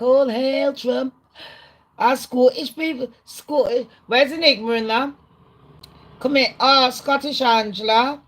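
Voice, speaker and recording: A woman hosting a livestream, ranting casually to her chat in an excitable, rambling way, swearing a lot. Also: on the high side, low-quality recording. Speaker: livestream host. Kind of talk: casual rant to a live chat.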